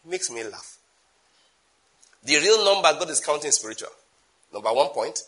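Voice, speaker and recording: A man with a Nigerian accent preaching a sermon emphatically, with sudden loud bursts and asides in Nigerian Pidgin. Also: on the high side, very animated, normal speed.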